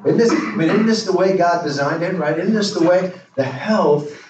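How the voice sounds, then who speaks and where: Man, pastor, sermon, call-and-response questions, somewhat high voice, echoey sanctuary, distant mic. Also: moderate pace, a little mellow, a little hiss or hum. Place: church sanctuary. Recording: roomy echo, distant mic, faint ambience.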